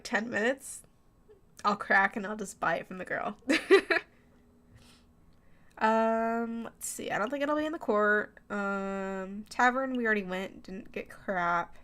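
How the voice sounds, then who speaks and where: A woman's voice: mid-range voice, a bit bright. A young woman streaming a game, chatty and self-mocking in casual commentary. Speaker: vtuber streamer.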